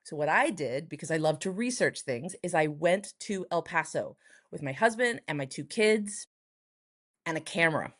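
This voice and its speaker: A woman from Texas, a writer and performer, telling a personal story in an interview, acting out the voices of the people she quotes. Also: normal speed. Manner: lively, acts out quoted voices with big pitch jumps. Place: home in Los Angeles, noise next door.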